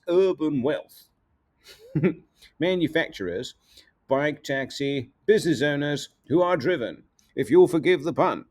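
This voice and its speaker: A man's voice: a little high, voice pushed up. A man voicing a swaggering male businessman mascot with a Cockney accent, boastful and cheeky.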